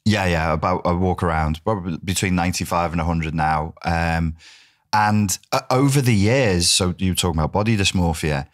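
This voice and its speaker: Very deep voiced middle-aged guy, wirral accent, chatty storyteller who swears a lot. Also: moderate pace. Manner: animated, swears, does voices for others. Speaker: podcast guest. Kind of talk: casual storytelling interview.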